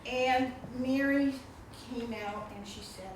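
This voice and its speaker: Her voice sits high and moves slowly as this older woman warmly introduces an author at a book event, chatting and laughing frequently. The indoor reception room sounds echoey and noisy, and the microphone is distant.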